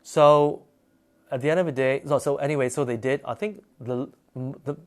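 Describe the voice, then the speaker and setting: A man telling a spooky personal story in a casual, animated and dramatic way. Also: medium pitch, normal speed.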